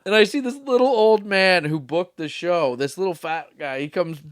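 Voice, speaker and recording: A man co-hosting a comedy podcast, telling a road-gig story in a casual, animated way and briefly acting out the people in it. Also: high voice, normal speed, no echo, studio quality. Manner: animated storyteller, acts out voices in quotes.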